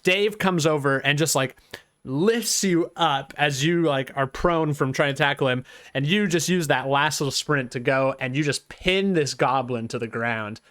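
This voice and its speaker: A man's voice: fairly high pitch, normal speed, a bit bright, no room sound, studio quality. A man narrating as game master for a tabletop game, talking hesitantly with fillers and restarts.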